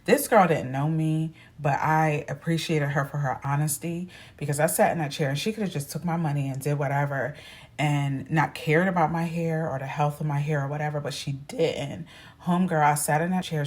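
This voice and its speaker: A woman vlogger telling a personal story in a chatty, animated way, acting out what people said. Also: deep voice, brisk. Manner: chatty, animated, acts out quoted voices. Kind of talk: casual storytelling to camera.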